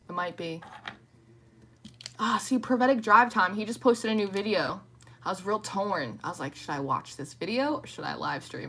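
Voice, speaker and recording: A woman's voice: medium pitch, a bit bright, slight background noise. Chatty, rambling woman livestreamer. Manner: rambling, chatty, greets viewers by name. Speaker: livestream host. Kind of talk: casual livestream chat. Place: at home at night.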